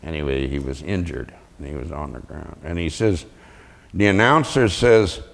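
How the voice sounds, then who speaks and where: A man's voice: extremely low pitch, moderate pace, creaky, big-room sound, slight background noise. An older man, a veteran, telling chuckling anecdotes in an oral history interview and acting out the voices he quotes.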